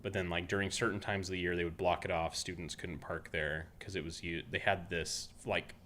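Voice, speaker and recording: Low-voiced man telling rambling stories. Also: little pitch movement, a little fast, a bit bright, slight background noise. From Utah. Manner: rambling anecdotal storytelling with many restarts. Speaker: podcast host. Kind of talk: casual podcast chat.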